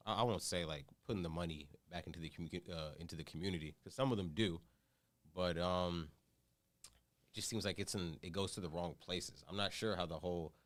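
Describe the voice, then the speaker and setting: Man, very low voice, thoughtful, hesitant with fillers, talk show co-host. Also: fairly bright tone. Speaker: podcast co-host. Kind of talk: casual discussion.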